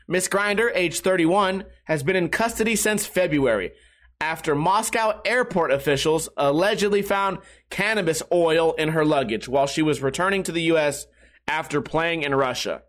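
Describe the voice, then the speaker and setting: A young man with a high-pitched voice hosts a loose, profane talk show. He rambles and mocks himself. His pitch jumps up and drops low as he riffs. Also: fairly bright tone. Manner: rambling, self-mocking, swings between high and low pitch. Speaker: podcast host. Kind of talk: casual profane rant.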